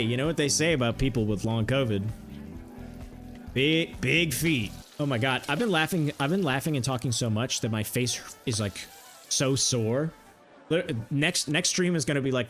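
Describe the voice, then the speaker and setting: A young man streaming a game, riffing jokes to his chat and laughing often. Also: mid-range voice. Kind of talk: casual livestream banter while gaming.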